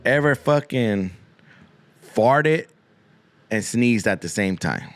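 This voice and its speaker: A man's voice: medium pitch, animated, slow, faint music behind. Profane man riffing. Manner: profane, rambling, slips into Spanish slang, repeats himself. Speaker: podcast host. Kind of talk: crude comic monologue.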